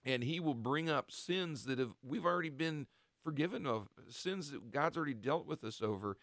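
A man with a gravelly, creaky voice explains scripture in an earnest, halting way, often restarting his sentences. His voice sounds close and dry, with no room around it. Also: a little high, animated, fairly bright tone, no echo. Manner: acts out short quoted voices of the devil and apostles. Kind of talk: conversational Bible teaching.

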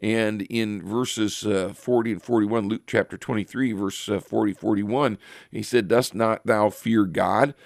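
A man giving a Bible teaching, reading verses aloud and explaining them with frequent pauses and fillers. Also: fairly low pitch, fairly even intonation, gravelly, no echo, studio quality.

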